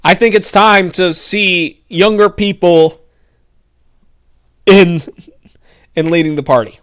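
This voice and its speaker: A man's voice: high-pitched, slow pace, a bit bright, clear, resonant tone. Young male host, casual political rant, sarcastic, mocking, loose and rambling.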